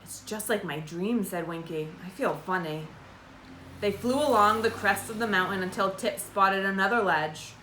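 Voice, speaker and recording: A woman reading a children's storybook aloud, giving the dialogue lively voices. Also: medium pitch, moderate pace, slight background noise. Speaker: storybook reader. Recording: roomy echo.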